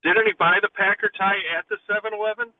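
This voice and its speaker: A man's voice: high-pitched, steady tone, fast. Man on a tinny phone line. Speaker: podcast co-host. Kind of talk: casual chat.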